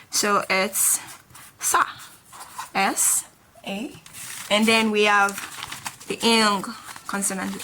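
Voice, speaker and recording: A woman teaching a beginner language lesson, patiently repeating each sound slowly as she writes. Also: medium pitch, sharp tone, slight background noise. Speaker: Korean teacher.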